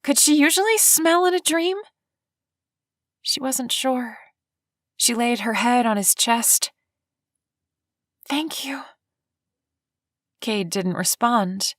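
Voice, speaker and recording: A woman narrating a romance audiobook in measured, even storytelling. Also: a little high, dry recording, clean studio sound. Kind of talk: scripted narration.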